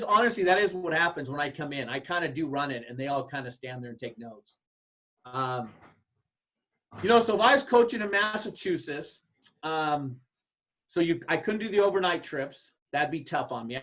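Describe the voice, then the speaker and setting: A man, a football coach, giving blunt, folksy advice to other coaches and acting out his own yelled calls. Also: on the high side. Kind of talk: casual advice talk to coaches. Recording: dull lo-fi sound.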